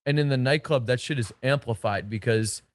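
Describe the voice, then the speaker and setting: A man's voice: medium pitch, brisk, no echo. Blunt, profane male dating coach. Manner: blunt and profane, slangy, emphatic. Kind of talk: casual coaching lecture.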